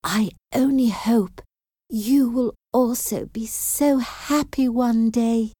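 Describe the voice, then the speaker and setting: A woman reading a gentle, joyful young woman. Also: a little high, takes it slowly, no echo, studio quality, voice pushed up.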